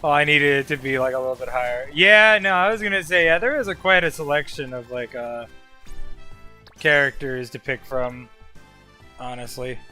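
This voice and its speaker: A man's voice: medium pitch, moderate pace, pushed and bright, faint music behind. A young man casually commenting while streaming a game, loose and profane, rambling with lots of filler words.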